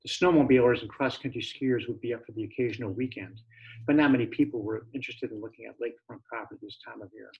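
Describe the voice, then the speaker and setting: Gravelly-voiced man narrating a novel. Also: mid-range voice, fast talker, highs cut off. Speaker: author reading his novel. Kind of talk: audiobook narration.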